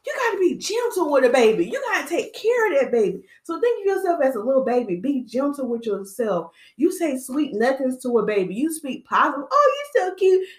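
A woman hosting a podcast, giving a casual motivational talk in an animated storytelling way and calling her listeners "y'all". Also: sits high, fairly quick, hardly any pauses, echoey room. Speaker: podcast host.

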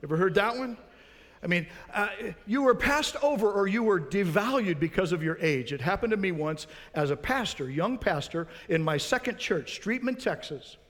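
A man's voice: sits high, lively intonation, normal speed, fairly bright tone, long reverb tail. A man preaching a sermon as pastor, earnest, putting rhetorical questions to his congregation.

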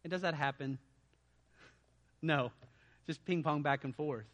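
A man preaches to his congregation in a lively, animated way. His voice sits high for a man and rings bright and forceful. He keeps turning to his listeners with rhetorical questions. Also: measured pace. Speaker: pastor. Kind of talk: sermon.

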